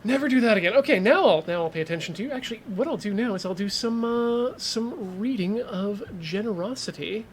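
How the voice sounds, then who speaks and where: A man's voice: high-pitched, expressive, a little fast, few pauses. Chatty male streamer over engine noise. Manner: chatty, self-coaching, joking asides. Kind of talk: casual live-stream commentary while sim racing. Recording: game car engine noise underneath. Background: racing game engine and track sounds.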